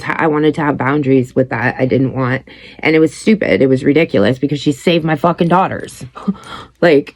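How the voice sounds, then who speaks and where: A blunt, foul-mouthed woman in her thirties telling her own story as a podcast host. Her voice has a gravelly, fried edge, and the sound is close and dry. She breaks into lively quoted voices as she talks. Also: very deep voice, dry recording. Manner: blunt, heavy swearing, animated quoting. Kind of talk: candid personal storytelling.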